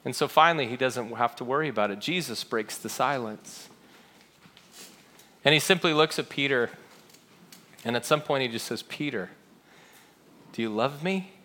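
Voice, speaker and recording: Bright-voiced earnest male preacher. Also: medium pitch, normal speed, long pauses. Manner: earnest storytelling, acts out quoted lines with rising intensity. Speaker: pastor. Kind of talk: sermon.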